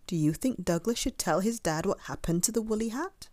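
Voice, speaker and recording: A woman reading a children's picture book aloud, expressive and stopping to ask the listener questions. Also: mid-range voice, fairly quick, few pauses, dry recording. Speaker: storyteller. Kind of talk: children's story read-aloud.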